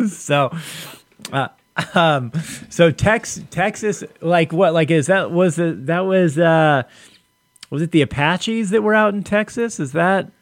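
A man's voice: on the high side, animated, slow pace, long pauses. A man hosting a podcast in casual chat, laid-back, laughing often and leaning on "like" fillers. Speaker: podcast host.

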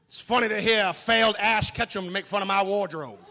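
A man's voice: sits high, a little fast, noisy background. A male comic in a comedy club, trading crude roast jokes with a brash, punchy delivery. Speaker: stand-up comic in a debate show. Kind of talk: crude roast-style stand-up.

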